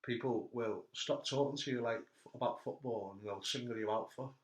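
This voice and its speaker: An animated man hosts a relaxed chat, telling stories and laughing along with them. His voice sits at an ordinary pitch. It is recorded with noticeable room echo. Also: moderate pace. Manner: animated storyteller, laughing at his own anecdotes. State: hurt back. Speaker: host. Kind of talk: casual chat. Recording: echoey room.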